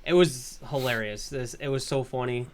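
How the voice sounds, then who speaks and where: A man's voice: medium pitch, moderate pace, a little hiss or hum. A man on a casual movie podcast who mostly agrees with the others and answers in short, simple sentences. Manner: short replies, frequent agreement. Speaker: podcast co-host.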